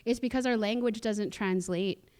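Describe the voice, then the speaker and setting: A woman of the Musqueam community in Canada speaks at a moderate pace in a medium-pitched, darkish voice. As a guest speaker at a cultural sharing on a theatre stage, she tells personal stories in a relaxed chat with many fillers, restarts and laughs.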